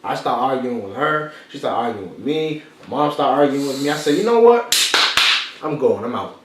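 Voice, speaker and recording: A man's voice: mid-range voice, a little fast, recorded from a distance. Echoey man preaching a comeback story. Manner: preachy, repeats key phrases. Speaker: podcast co-host. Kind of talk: motivational storytelling. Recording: echoey room, off-mic, faint noise.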